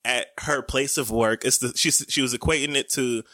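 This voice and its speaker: A young man chatting on a podcast, with a bright, forceful tone. He is animated and laughs often while bantering with his wife. The sound is close and dry. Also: mid-range voice, normal speed, dry recording. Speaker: podcast co-host. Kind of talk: casual podcast chat.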